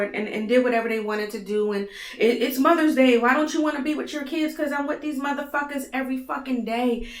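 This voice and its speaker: A woman's voice: high-pitched, echoey room. A woman in her thirties hosting a candid, emotional monologue, raw and blunt with plenty of swearing, audibly tearful. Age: 30s. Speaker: host. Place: home.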